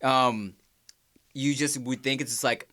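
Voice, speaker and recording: A man's voice: medium pitch, steady tone, a little slow, bright, forceful tone, dry recording, studio quality. A man co-hosting a podcast, telling stories in a casual chat and putting on voices for the people he quotes. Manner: storytelling, acts out quoted voices, laughs often. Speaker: podcast co-host.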